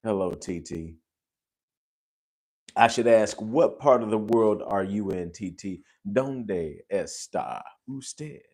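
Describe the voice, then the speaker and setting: A man hosting a casual livestream chat, effusive and gushing, breaking into sudden loud exclamations. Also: fairly low pitch, measured pace, long pauses. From United States. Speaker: host.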